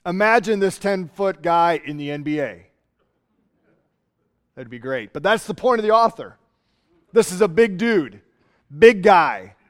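Guy preaching, animated storytelling, high and really clear voice. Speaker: pastor. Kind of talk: sermon.

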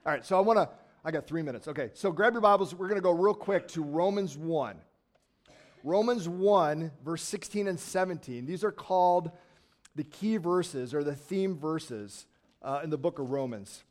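Male pastor, somewhat high-pitched, casual but eager delivery for a church sermon. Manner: conversational and enthusiastic, with asides and quick bursts of excitement. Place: church sanctuary.

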